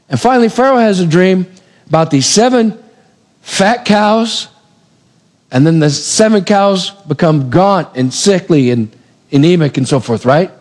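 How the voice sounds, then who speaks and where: Animated male preacher in a reverberant hall. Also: sits high, measured pace. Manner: animated storytelling, acting out characters' lines. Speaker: pastor. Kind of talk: sermon retelling scripture.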